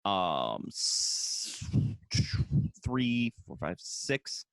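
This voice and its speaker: A man's voice: low-pitched, sing-song, drawn-out words, creaky, fairly bright tone, clear, resonant tone, no room sound. An American man co-hosting a podcast, a little drunk, rambling in casual chat with many restarts and laughs. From United States. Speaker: podcast co-host.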